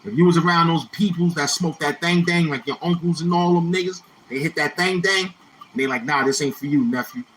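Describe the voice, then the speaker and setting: A YouTuber from Brownsville, Brooklyn, New York rambles through a laid-back storytelling monologue in thick street slang, circling back to the same phrases as he reminisces. His middle-pitched voice is bright, forward and brisk, and the poor audio carries a faint hum.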